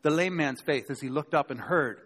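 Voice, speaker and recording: A man's voice: on the high side, normal speed, a bit bright, husky. A male pastor preaching a sermon to a live congregation, talking conversationally, with emphatic points and rhetorical questions. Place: church sanctuary before a live congregation. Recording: long hall reverb.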